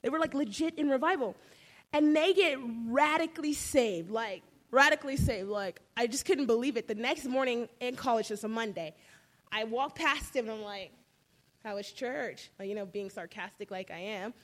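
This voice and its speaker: A woman's voice: on the high side, moderate pace. A young woman giving an emotional personal faith testimony, telling her story animatedly with many fillers. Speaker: testimony speaker.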